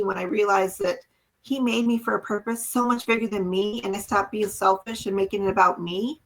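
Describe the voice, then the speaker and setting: A woman guest tells her personal story with earnest feeling, slipping into little acted-out quotes of what people said to her. Her voice is husky and a bit gravelly, with a bright, forceful tone that carries her emotion. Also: mid-range voice, steady tone, moderate pace, low-quality recording. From small town. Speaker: podcast guest.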